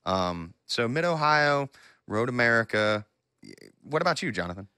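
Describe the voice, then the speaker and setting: A man's voice: medium pitch, sing-song, moderate pace, bright, forceful tone, clean tone, no echo, clean studio sound. A man hosting a casual chat, easygoing and joking. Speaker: host.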